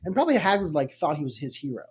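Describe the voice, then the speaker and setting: A man's voice: a little high, very animated, rapid-fire, breathy edge. Rambling jokey young man. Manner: rambling, jokey, filler-heavy. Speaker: podcast host. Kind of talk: casual chat.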